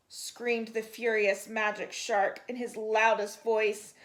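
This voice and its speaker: Woman, storytime reader, high voice, slow and expressive, picture book read-aloud. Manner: expressive, stretching out sound words.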